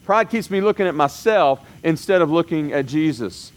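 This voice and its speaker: A man's voice: animated, moderate pace. A man preaching a sermon in a conversational way, often checking in with the congregation and acting out quoted voices. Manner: conversational, frequent "okay?" check-ins; acts out quoted voices with sudden pitch jumps. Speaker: pastor.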